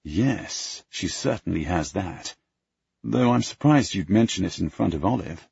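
A man performs a carefree young aristocrat in this storybook reading, his lines pitched up from a gravelly base. The voice stays raspy and lively. The recording is dry and muffled. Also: a little slow, no echo, full character voice.

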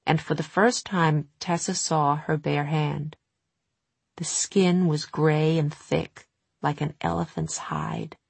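Woman reading an audiobook, low gravelly voice, dry close mic. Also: dry recording. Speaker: audiobook narrator. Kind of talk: scripted narration.

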